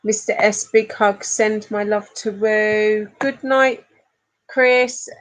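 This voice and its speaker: A woman's voice: mid-range voice, fairly even intonation, slow pace, rough recording. A middle-aged woman hosts a casual live stream, chatting affectionately with viewers and laughing often. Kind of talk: casual live chat reading comments.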